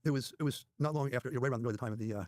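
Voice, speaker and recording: A man as the guest trader in an interview, telling stories quickly and quoting other people's dialogue as he goes. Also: mid-range voice, a little mellow, dry recording. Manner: rapid anecdotal retelling with quoted dialogue. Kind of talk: interview storytelling.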